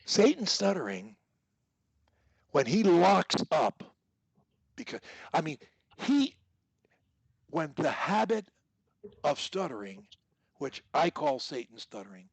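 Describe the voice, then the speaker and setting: A man's voice: fairly high pitch, breathy edge, dry recording. A man coaching a student one-on-one over a video call, emphatic and fond of repeating his key points. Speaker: speech coach.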